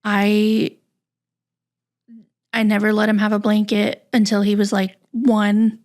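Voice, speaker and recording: A woman guest on a podcast, telling a personal story in a halting, candid, soft-spoken way. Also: medium pitch, completely flat delivery.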